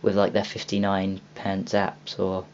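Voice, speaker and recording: In a low, monotone voice at a slightly slow pace, a young man rambles through a casual video tour of a game store, full of ums and false starts. It's a dull, lo-fi home recording with faint hiss.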